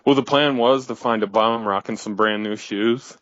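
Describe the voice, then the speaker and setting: A man's voice: on the low side, moderate pace, a bit bright, no echo, lo-fi sound. A man co-hosting a comedy talk show, chiming in casually with extra details in a laid-back way.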